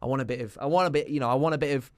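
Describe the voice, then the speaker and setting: Fast-talking male studio guest. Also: medium pitch, clean tone, dry recording. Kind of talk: casual studio chat. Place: radio studio.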